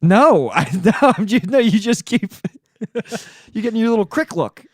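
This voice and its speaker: Teasing young man, lively voice. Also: high-pitched, dry recording, clean studio sound. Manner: teasing, joking, quick to laugh. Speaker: podcast co-host. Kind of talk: casual chat.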